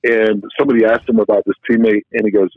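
A man's voice: fairly low pitch, level tone, quick pace, dry recording, narrow, tinny audio. A man hosting a sports radio show who tells stories about his co-host in a teasing, casual way. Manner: teasing storyteller.

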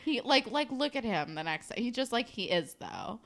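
Lively young woman ranting casually. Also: on the high side, normal speed. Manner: expressive, opinionated ranting with lots of "like". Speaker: podcast co-host recapping a show. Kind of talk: casual chat.

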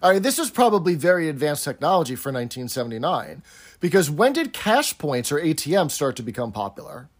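Man, slightly high voice, podcast co-host, casual sitcom recap, chatty asides, tag questions. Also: big pitch swings, fast.

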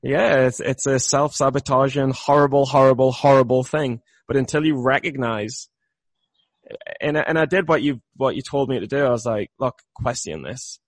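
Gravelly-voiced man rambling candidly. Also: mid-range voice, steady tone, normal speed, no echo. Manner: rambling, repeats words, laughs at himself. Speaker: trader. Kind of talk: candid conversation about trading mindset.

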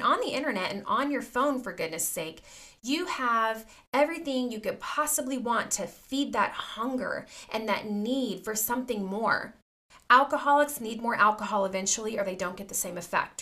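Forties woman vlogger, higher pitch, earnest and preachy, speaks directly to her audience. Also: a bit bright. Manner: emphatic and preachy, keeps addressing viewers as "you guys". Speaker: parenting vlogger. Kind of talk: impassioned direct-to-camera talk.

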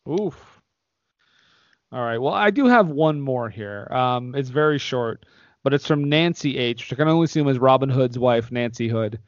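A man's voice: mid-range voice, expressive, normal speed, no room sound. A man co-hosting a film podcast, giving dry, sarcastic takes and reading listener reviews in casual chat. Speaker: podcast co-host reviewing films. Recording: dry, slightly dull lo-fi audio.

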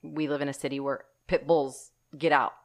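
A woman co-hosting a podcast, telling a story in casual chat, animated and emphatic, calling her listeners y'all and swearing casually. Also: low-pitched, normal speed. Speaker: podcast co-host.

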